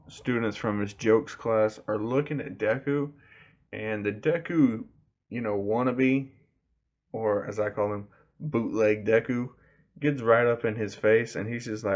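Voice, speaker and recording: A man's voice: fairly low pitch, slow, lo-fi sound. A man casually retelling a fan story, rambling with lots of "you know" fillers.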